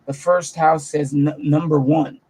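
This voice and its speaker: Brief: young comedian vlogging from his bedroom, high voice, animated, cusses freely. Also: unhurried, breathy edge. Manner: animated, profane, self-mocking storytelling. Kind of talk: casual storytelling vlog. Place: bedroom at home.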